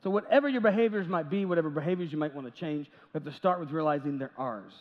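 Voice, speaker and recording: A man's voice: fairly high pitch, quick pace. A man preaching a sermon as pastor, talking conversationally, with jokes and little acted-out quotes. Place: large church sanctuary. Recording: dull audio with long church reverb.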